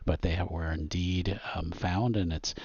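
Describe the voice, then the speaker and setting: A man narrating a tabletop superhero game as game master, halting with many pauses and fillers. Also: low-pitched, steady tone, a little mellow, breathy edge, lo-fi sound. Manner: halting, many ums and restarts.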